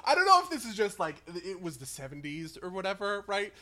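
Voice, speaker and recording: A man's voice: sits high, wildly swooping pitch, brisk, crowd noise. A man co-hosting a podcast, chatting casually and animatedly, swearing freely and laughing between points. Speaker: podcast co-host. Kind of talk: casual chat.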